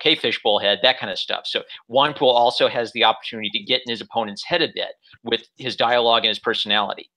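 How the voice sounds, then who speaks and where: A man's voice: mid-range voice, sharp tone, poor audio. A male host interviewing a guest over a video call, thoughtful and rambling as he works through his ideas. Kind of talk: casual interview chat.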